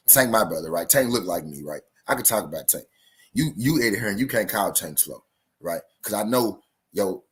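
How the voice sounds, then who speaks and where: A man's voice: lowish voice, fairly bright tone. A man with a Southern US accent hosting a live boxing talk stream, in loose, profane, repetitive casual chat aimed at his viewers. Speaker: boxing talk show host.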